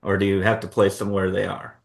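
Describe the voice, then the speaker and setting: A man's voice: deep voice, level tone, a little fast, vocal fry. A man co-hosting a board game channel, chatting casually about award nominees and thinking aloud with fillers.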